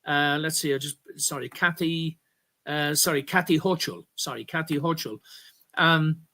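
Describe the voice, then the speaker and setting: Irish guy doing a politics rant, kinda high voice, bright and sharp, keeps correcting himself. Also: moderate pace. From Ireland. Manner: rambling, stops to correct himself, emphatic bursts. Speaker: commentary host. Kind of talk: political commentary monologue.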